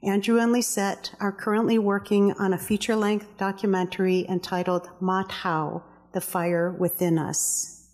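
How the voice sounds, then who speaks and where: A woman reading speaker introductions at a public event in a measured, formal way, as host and co-curator. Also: medium pitch, level tone, a little mellow. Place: aquarium event hall. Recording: long reverb of a hall.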